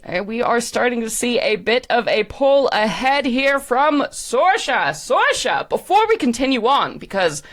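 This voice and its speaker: A woman voicing a showy fey game-show announcer who draws out her words theatrically. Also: very animated. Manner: booming, drawn-out, theatrical.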